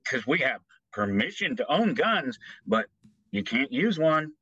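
A man's voice: medium pitch, very animated, a little slow, fairly bright tone, husky, dry recording. Blunt ranting man, dull dry sound. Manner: blunt, ranting, heavy on fillers. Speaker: podcast guest. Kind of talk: casual podcast chat.

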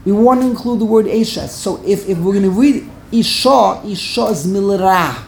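A woman's voice: medium pitch, moderate pace, darkish tone, a little hiss or hum. A woman teaching a Torah grammar class, emphatic and repeating words while she corrects pronunciation. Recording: echoey room.

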